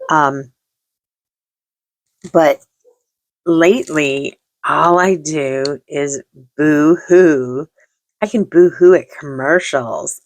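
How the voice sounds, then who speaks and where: A middle-aged woman hosts a casual crafting chat in a low voice with a gravelly edge. She talks slowly and rambles, circling back to repeat herself. She pokes fun at herself as she goes. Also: dry recording. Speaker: vlog host.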